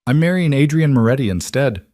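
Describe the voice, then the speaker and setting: A man voicing a calm, self-sacrificing young woman in a spoken story. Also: medium pitch, fairly quick, no room sound, clean studio sound, pitched above the performer's own voice, close to an everyday voice. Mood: resolute. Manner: calm, steady. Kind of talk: audiobook storytelling.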